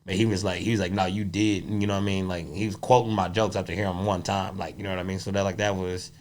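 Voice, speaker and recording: A man's voice: sits low, little pitch movement, fast, darkish tone. A man who is a comedian guest, telling stories in a loose, rambling way during a casual interview chat. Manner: loose, rambling storytelling with frequent laughs.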